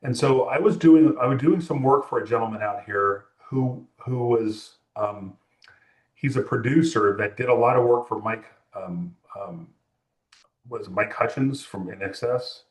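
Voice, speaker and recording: A man's voice: medium pitch, measured pace, roomy sound. A man from California, a music photographer, telling a long story in an interview with many fillers and restarts.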